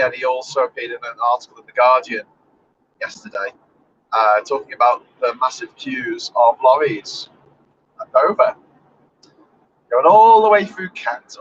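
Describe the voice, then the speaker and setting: A man's voice: medium pitch, a bit bright, muffled recording, slight background noise. A man, talking to his live stream from inside his car as he drives, rambling in a sarcastic, swearing, offhand way. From England. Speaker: vlogger. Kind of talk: casual live-stream driving monologue. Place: inside a car while driving.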